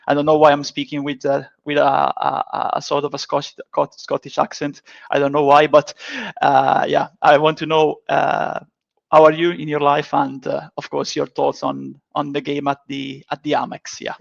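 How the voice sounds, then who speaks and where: A man hosts a casual football podcast in a gravelly, fairly high voice that barely rises or falls. He stumbles and repeats words with a joking air. The sound is dull and lo-fi. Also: monotone. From Italy. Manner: halting, repeats words, jokey. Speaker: podcast host. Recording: dull lo-fi audio.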